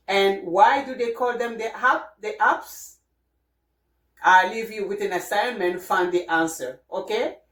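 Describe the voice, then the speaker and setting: A woman teaching sounds, patient and repeating each one, often asking "okay?". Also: lowish voice. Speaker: French teacher. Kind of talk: casual spoken lesson. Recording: roomy, voice from a distance.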